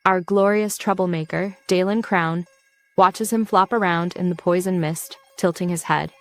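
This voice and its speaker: A woman tells a comic recap in a wry, brisk storytelling voice. Her read is scripted and dry and sits close to the mic. Faint music runs underneath. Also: lowish voice, steady tone, creaky, dry recording. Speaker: recap narrator.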